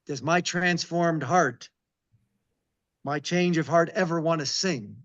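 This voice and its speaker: A man, a rabbi, reading scripture aloud slowly and with emphasis, stopping to comment and ask searching questions in a devotional conversation. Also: fairly high pitch, fairly bright tone, lo-fi sound. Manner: reads scripture slowly and emphatically, breaks off with asides. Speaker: rabbi, interview guest.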